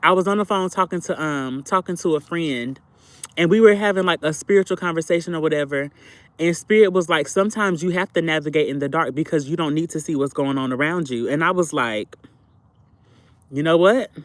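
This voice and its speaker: High-pitched guy streaming live, aave, repeats himself a lot, talks to chat like sister, baby, super dry sound. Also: a little fast, fairly bright tone, no echo. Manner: talkative, repeats phrases, addresses viewers as sister and baby. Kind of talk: casual livestream chat with viewers.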